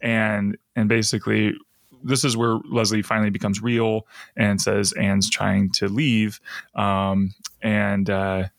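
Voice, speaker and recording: A man's voice: fairly low pitch, level tone, slow pace, creaky, no echo, clean studio sound. A man hosting a podcast, casually recapping a TV episode and laughing often as he retells scenes. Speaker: podcast host.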